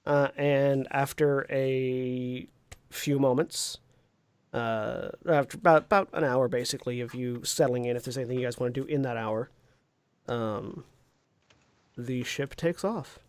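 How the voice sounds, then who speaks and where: A man narrating a tabletop role-playing game as game master, pausing often and searching for words with many fillers. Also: mid-range voice, fairly even intonation, smooth, no echo.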